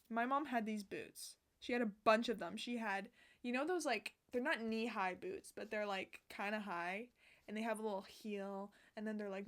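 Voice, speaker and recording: Brief: young woman, high bright voice, excitable and sassy, swears freely, outdoors. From Canada. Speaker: vlogger. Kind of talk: casual chat. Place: outdoors on a sunny day.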